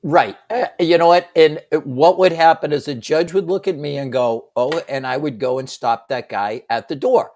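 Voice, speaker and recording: Middle-aged male radio co-host, animated, lapses into shouted impressions. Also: on the high side, normal speed, hardly any pauses. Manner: animated, bursts into shouted movie quotes. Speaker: radio sports talk co-host. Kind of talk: casual talk radio banter.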